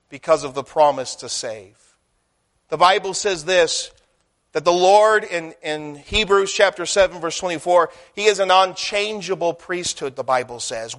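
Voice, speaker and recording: A man's voice: a little high, a bit bright. A man preaching a sermon, emphatic, swelling and then dropping his voice, repeating phrases as he builds.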